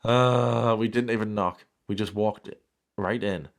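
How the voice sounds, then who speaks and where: A man's voice: fairly low pitch, steady tone, unhurried, gravelly. Sarcastic man reading aloud. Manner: dry sarcastic interruptions, mock outrage. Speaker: commentary host reading a fan story. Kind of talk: comedic reading with sarcastic asides.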